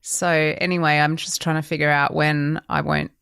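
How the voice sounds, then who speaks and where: A woman's voice: deep voice, level tone, moderate pace, gravelly, fairly bright tone, clear, resonant tone, no room sound, clean studio sound. A woman co-hosting a podcast, bantering playfully in casual conversation. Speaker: podcast co-host. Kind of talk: casual chat.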